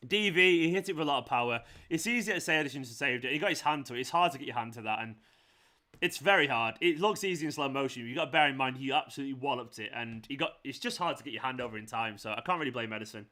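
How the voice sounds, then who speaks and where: A man hosting a live football watchalong, reacting with exasperation, swearing and shouting at the players. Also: medium pitch, fast talker. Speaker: fan channel host.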